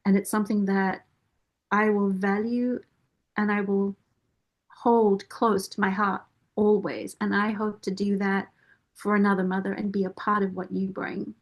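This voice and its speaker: A woman, a parent caregiver and board member, speaking earnestly and with measured pauses in a heartfelt interview testimonial. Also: mid-range voice, flat delivery.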